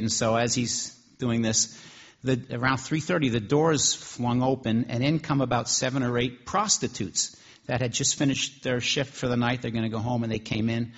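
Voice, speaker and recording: Brief: male preacher, mid-pitched and slightly husky, chatty storytelling in a sermon. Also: highs cut off. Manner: conversational, with restarts.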